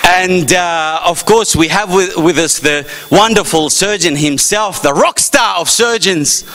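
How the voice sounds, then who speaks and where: A man's voice: sits high, a little slow, a bit bright, some chatter behind. A man hosting a cultural festival as MC, joking in a playful, self-mocking way on stage before a live audience. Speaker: MC and comedian. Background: audience faintly heard.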